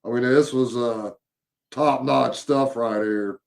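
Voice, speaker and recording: A man, casually recounting a paranormal investigation, halting with many fillers and repeated words. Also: medium pitch, steady tone, vocal fry. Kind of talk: casual storytelling chat.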